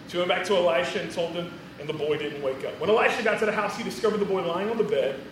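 A man gives a casual, joking sermon, chuckling between phrases in a fairly high voice. He sounds distant from the mic. The very echoey hall carries his voice, with faint room noise behind him. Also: rapid-fire. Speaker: preacher.

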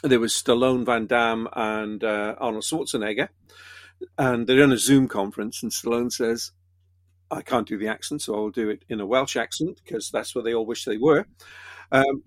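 A man's voice: medium pitch, moderate pace, no echo. A man hosting a casual film review podcast, telling dry jokes between reviews. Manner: dry joke-telling, lively delivery.

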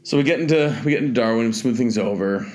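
A man's voice: mid-range voice, quick pace, darkish tone. A Canadian man telling travel stories in a casual chat, rambling, correcting himself, and swearing freely.

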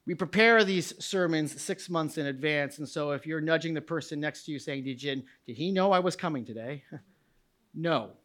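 A man preaching a sermon to a church congregation, moving between quiet reflective passages and loud, shouted climaxes. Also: fairly high pitch, moderate pace. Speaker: pastor. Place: church sanctuary.

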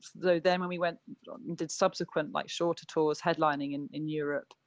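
A woman's voice: low voice, steady tone, normal speed, no echo, muffled recording. Chatty woman musician, dry sound. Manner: chatty, lots of "like" and "um", self-correcting. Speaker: guest, punk band musician. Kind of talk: casual interview chat.

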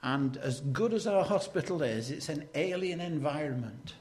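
A man preaching a sermon. He works as a hospital chaplain and preaches slowly and deliberately, with sudden emphatic rises. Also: fairly high pitch, lively intonation, a little mellow.

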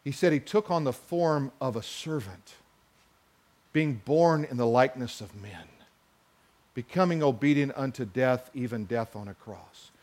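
A man preaching a sermon, reading scripture slowly and with emphasis and calling on the congregation to answer. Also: mid-range voice, a little mellow.

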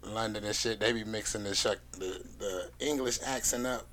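A man co-hosting a casual podcast, trading loud, profane, laughing banter. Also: fairly low pitch, moderate pace. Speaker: podcast co-host.

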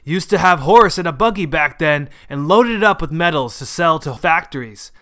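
A man voicing a gruff, hard-drinking old grandfather who hollers defiantly. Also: on the high side, animated, moderate pace, sharp tone. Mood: reminiscing. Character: gruff old male grandfather, drunk junk dealer.

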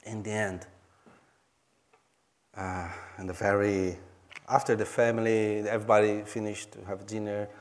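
Preaching a sermon, a pastor from Brazil recounts a story with sincerity in halting, non-native English marked by a Portuguese accent. He speaks in a lowish voice with a level tone.

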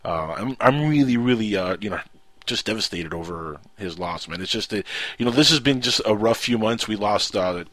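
A man's voice: lowish voice, expressive, normal speed, fairly bright tone, dry recording. A man hosting a live talk radio show, speaking casually with many fillers and restarts.

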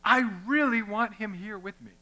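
A man, a pastor, preaching a lively sermon, talking straight to his congregation and acting out little scenes. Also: high voice, moderate pace. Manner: conversational, addresses the congregation directly; animated, acts out little scenes.

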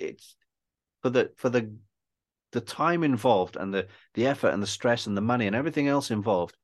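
A man, a film director and guest, talking in a casual interview, rambling and self-deprecating, halting and restarting often. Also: mid-range voice, expressive. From Wales.

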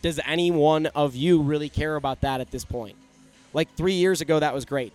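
A man's voice: on the high side, moderate pace, a little mellow, soft background music. A man hosting a solo sports podcast, talking candidly and giving his opinions in a conversational way. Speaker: podcast host.

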